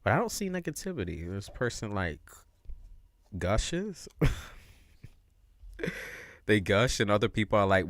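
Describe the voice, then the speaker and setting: A man's voice: fairly low pitch, very animated, unhurried, long pauses, no room sound. A man giving a casual livestream tarot reading, talking in slang, with lots of expression and frequent laughs. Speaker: tarot reader.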